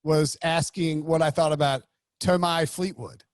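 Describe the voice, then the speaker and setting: A man's voice: fairly high pitch, expressive, brisk, dry recording, clean studio sound. A man co-hosting a football podcast, talking in a rambling, joking way and sometimes putting on an announcer voice. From United States. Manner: rambling, joking, with playful put-on announcer bits. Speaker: podcast co-host. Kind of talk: casual chat.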